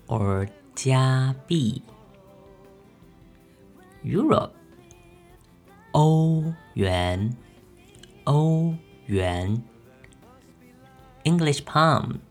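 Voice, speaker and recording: A man hosting a beginner language-lesson podcast, speaking carefully and repeating each phrase twice for listeners to practice. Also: medium pitch. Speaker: podcast host teaching language. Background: soft background music.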